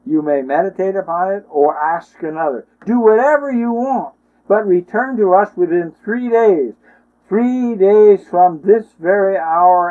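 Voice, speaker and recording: A man voicing stern, solemn elder monastery masters who give slow, measured commands. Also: high-pitched. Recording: tinny phone-line sound.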